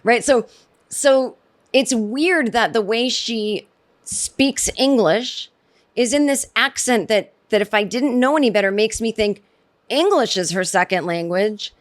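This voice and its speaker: A woman's voice: a little high, measured pace. Sardonic woman hosting a comedy podcast. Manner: sardonic, rambling, self-interrupting. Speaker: podcast host. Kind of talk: solo comedic podcast monologue.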